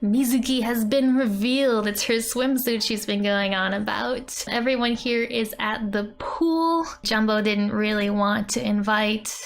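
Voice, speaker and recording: A woman's voice: on the high side, a little slow, vocal fry, few pauses. A woman giving a casual Japanese lesson from a manga page, chatty and giggly as she explains words and reads out the characters' lines. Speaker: Japanese language teacher.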